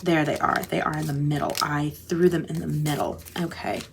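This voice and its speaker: A woman's voice: low voice, level tone, normal speed, vocal fry, noisy background. A woman hosting a casual tarot chat, gushing and rambling, often breaking off mid-thought. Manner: gushing, chatty, rambling with self-interruptions. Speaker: tarot channel host.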